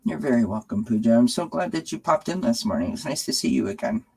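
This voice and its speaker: A woman's voice: very deep voice, lively intonation, quick pace, creaky, dark tone, husky, poor audio. Chatty lady in her 40s on a live stream at home, lots of "you know", coos at her cats. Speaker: tarot channel host.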